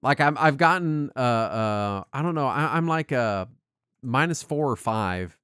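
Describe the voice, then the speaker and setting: A man co-hosting a casual podcast chat, animated and casually swearing. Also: mid-range voice, unhurried, clear, resonant tone, no echo, studio quality. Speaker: podcast co-host.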